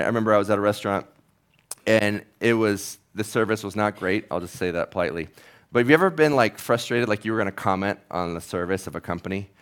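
A man who is a pastor, preaching a sermon in an earnest, conversational, storytelling manner. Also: fairly low pitch.

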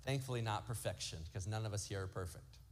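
Storytelling pastor, slow and emphatic. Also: male voice, lowish voice, slight background noise. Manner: storytelling, acts out quotes from kids. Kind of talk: sermon.

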